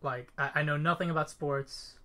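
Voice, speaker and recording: A man's voice: a little high, steady tone, normal speed, pushed and bright. A man in his twenties co-hosting a casual podcast chat, joking and playful as he asks questions. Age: 20s. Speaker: podcast co-host.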